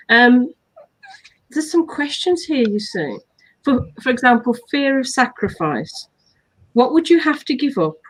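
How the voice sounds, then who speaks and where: A woman's voice: on the high side, poor audio. Earnest woman hypnotherapist explaining. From England. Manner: earnest, explanatory, lists points. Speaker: hypnotherapist host. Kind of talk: live online talk.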